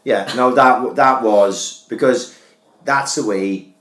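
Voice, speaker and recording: A man's voice: medium pitch, slow pace, fairly bright tone. A man, co-hosting a casual chat, blunt and full of swearing. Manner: blunt, heavy swearing, keeps asking "you know what I mean". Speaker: podcast co-host. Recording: roomy echo.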